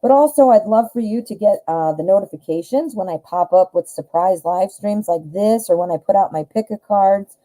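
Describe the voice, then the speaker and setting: Dark-voiced woman reading tarot live. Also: medium pitch, moderate pace, few pauses, low-quality recording. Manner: chatty, laughs at her own jokes, talks to viewers. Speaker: tarot reader hosting a live stream.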